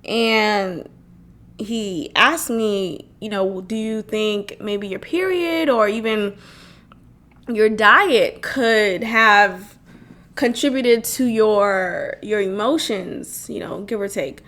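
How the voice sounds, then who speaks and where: A woman's voice: mid-range voice, slow pace, a bit bright. A young woman hosting a podcast alone, telling a personal story in casual chat, acting out quotes and swearing freely. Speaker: podcast host. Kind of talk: casual solo podcast talk.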